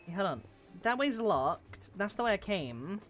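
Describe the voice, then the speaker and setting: A young woman from London chatting casually while streaming a game, swearing freely and now and then breaking into loud yelling. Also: medium pitch, sing-song, measured pace, soft background music. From London, England. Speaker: VTuber streamer. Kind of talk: casual gaming stream chat.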